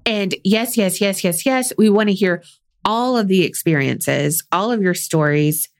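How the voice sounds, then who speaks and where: Co-hosting a podcast, a woman chats casually, speaking bluntly, swearing without fuss, and laughing easily. Her voice is mid-range and her delivery unhurried.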